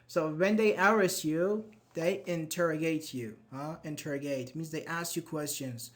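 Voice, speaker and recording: A man's voice: on the high side, normal speed, few pauses, fairly bright tone. Upbeat man teaching grammar online. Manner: patient, praising, reads students' chat answers aloud. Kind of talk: live online grammar class.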